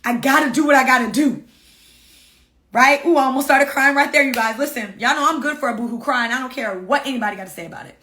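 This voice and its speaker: A woman author and coach telling viewers her own story in a casual, animated, emphatic way, swearing freely. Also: high voice, fast, few pauses, a little hiss or hum.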